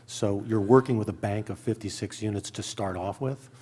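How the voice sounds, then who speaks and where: A man on the district staff explains procedure to the board in a measured, explanatory way at a board meeting. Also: fairly low pitch, a little mellow, breathy edge.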